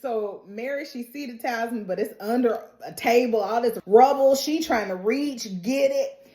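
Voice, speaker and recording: A woman giving a casual, animated recap and reaction, laughing often and acting out the characters' quotes. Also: a little high, moderate pace. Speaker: TV recap vlogger. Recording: roomy echo.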